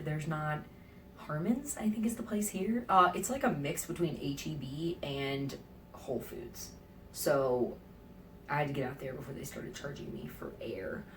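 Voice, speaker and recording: Chatty low-voiced woman vlogger. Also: distant mic, a little hiss or hum. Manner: chatty, animated, acts out quoted lines, drops into whispered asides. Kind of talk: casual travel vlog storytelling. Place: hotel room.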